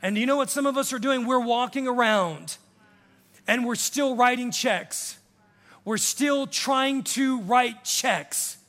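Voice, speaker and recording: A pastor around fifty preaching a sermon in a church sanctuary, impassioned, swinging from hushed to shouting and acting out the voices of others. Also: male voice, very high-pitched, slow pace, in a large hall. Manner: acts out quoted voices of others.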